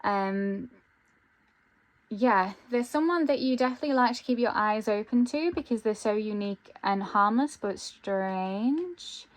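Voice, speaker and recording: A woman giving an intuitive tarot reading, thinking aloud with frequent pauses and ums. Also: mid-range voice, lively intonation. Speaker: tarot reader.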